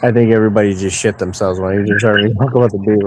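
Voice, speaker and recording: A man's voice: lowish voice, fairly even intonation, rapid-fire, a little mellow. A man from Maine with a Maine accent, joking and swearing heavily in casual banter. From Maine, USA. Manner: joking, heavy swearing, laughs often. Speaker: host.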